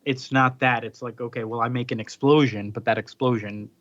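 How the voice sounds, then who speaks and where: A man's voice: medium pitch, steady tone, a little fast, fairly bright tone, dry recording, dull audio. A man hosting a casual podcast chat, recapping a comic plot loosely with lots of fillers. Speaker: podcast host.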